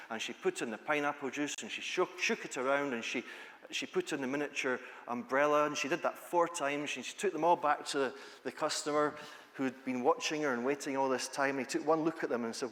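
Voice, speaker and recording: A man's voice: mid-range voice, fairly quick, fairly bright tone. A Scottish man from the east coast, giving a playful, chatty conference talk that tells stories and asks the audience questions. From Scotland. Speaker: conference speaker, teacher trainer. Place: large conference hall. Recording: long hall reverb.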